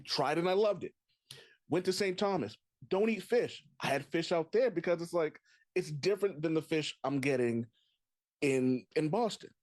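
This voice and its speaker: A man in casual podcast chat, telling relaxed stories and laughing easily. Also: on the high side, normal speed, dry recording. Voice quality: chatty storyteller, laughs easily.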